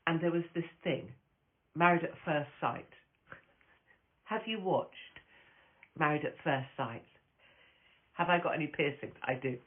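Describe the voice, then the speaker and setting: Brash, foul-mouthed woman on a phone stream. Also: low voice. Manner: brash, profane, rambling, laughs often. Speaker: host of a live stream, stand-up comic. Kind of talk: casual live-stream chat. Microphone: phone camera. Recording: tinny phone-quality audio.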